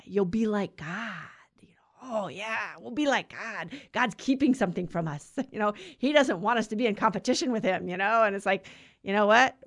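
A woman reading a gospel passage and then giving a chatty, conversational homily with small laughs. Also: a little high. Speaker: preacher giving a gospel reflection. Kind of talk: informal homily.

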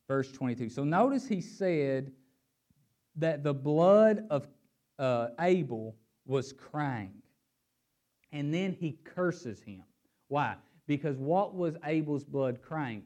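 A man's voice: on the high side, slow. A man preaching a sermon and reading scripture aloud. He swings his emphasis up and down and repeats words as he thinks aloud. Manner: animated, rising and falling emphasis.

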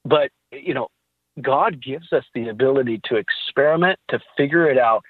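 A man's voice: medium pitch, normal speed, breathy edge, no room sound. Man telling faith stories over tinny line. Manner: animated storytelling with laughs. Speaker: podcast guest. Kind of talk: casual faith talk.

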